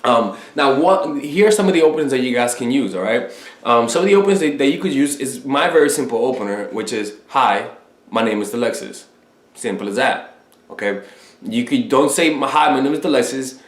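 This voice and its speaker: A man's voice: medium pitch, a little fast, roomy sound. A man coaching other men on dating, talking casually and cockily, swearing freely and acting out pickup lines. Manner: cocky, profane, animated role-play of pickup lines.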